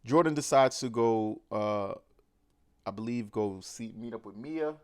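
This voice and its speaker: A man's voice: mid-range voice, a little slow, clear, resonant tone, no echo, clean studio sound. Slangy man recapping a movie. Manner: animated, slangy, full of fillers.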